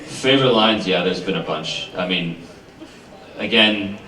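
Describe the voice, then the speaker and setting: A man's voice: sits low, measured pace, pushed and bright. A male voice actor on a convention panel telling jokey, self-deprecating anecdotes. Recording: roomy convention hall, mic at a distance.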